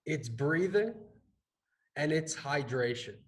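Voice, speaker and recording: A fitness and health coach, male, talks casually on a business podcast in a slightly high, animated voice at a slow pace. His speech rambles with lots of restarts, and he punctuates sentences with "right?" The recording quality is low.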